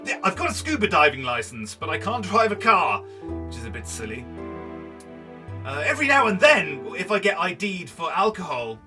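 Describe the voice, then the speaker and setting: A chatty man in his early thirties rambles through let's play commentary in a high, bouncy voice. He sounds a little distant from the mic, and background music plays under his talk. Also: very animated, normal speed. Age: early 30s. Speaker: gaming host.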